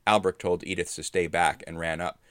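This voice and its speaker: Deep-voiced man, dry close sound, recounts a fantasy game session as a story. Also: a little fast, clean tone, dry recording. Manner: steady, understated prose narration. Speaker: narrator recapping a tabletop game.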